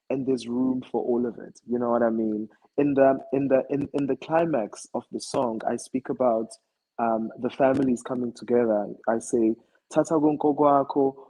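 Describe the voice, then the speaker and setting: Male musician guest, Zulu South African accent, husky, reflective storyteller. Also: medium pitch, darkish tone, low-quality recording. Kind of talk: casual interview talk.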